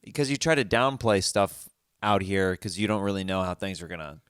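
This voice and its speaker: A man hosting a podcast, chatting casually in an animated, joking way. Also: low-pitched, brisk, clear, resonant tone, no echo, clean studio sound. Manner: animated, joking, with many restarts. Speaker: podcast host. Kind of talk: casual chat.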